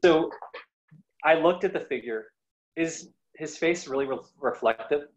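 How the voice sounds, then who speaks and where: A man's voice: fairly high pitch, a little slow, dull audio. A man co-hosting a podcast, rambling and restarting his thoughts in casual chat. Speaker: podcast co-host.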